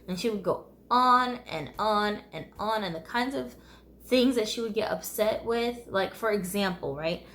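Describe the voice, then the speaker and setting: Woman vlogger, mid-pitched, casual storytime delivery, candid, wry laughs. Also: unhurried, fairly bright tone. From United States. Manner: candid, conversational, often laughing wryly. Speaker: vlogger telling her life story.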